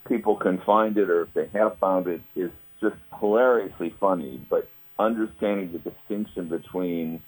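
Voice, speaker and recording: Radio guest, man with a really deep voice, just explaining stuff, chill and thoughtful. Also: normal speed, few pauses, a little mellow, husky, poor audio. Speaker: guest commentator. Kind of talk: conversational radio interview.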